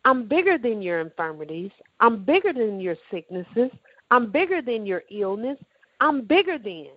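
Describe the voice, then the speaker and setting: A woman voicing God in her testimony as a stern, commanding and reassuring divine voice, pitched up with emphasis. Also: very animated, moderate pace, slightly rough, dry recording, dull audio. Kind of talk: acted quote in a testimony.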